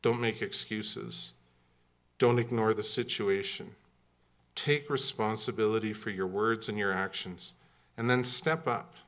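A man's voice: fairly low pitch, unhurried, a bit bright. A man preaching a sermon in a conversational, humorous and emphatic way. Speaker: pastor.

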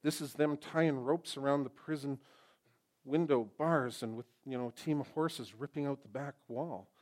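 A middle-aged man preaching a sermon as pastor, lively and joking, swinging from loud emphasis to quiet, intense passages. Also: mid-range voice, normal speed.

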